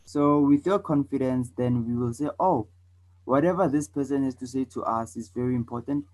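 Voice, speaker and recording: A man's voice: mid-range voice, poor audio. A man from South Africa teaching a debate lesson, repeating points and checking in often with "okay?" and "all right". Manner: demonstrates loud and soft, fast and slow speech.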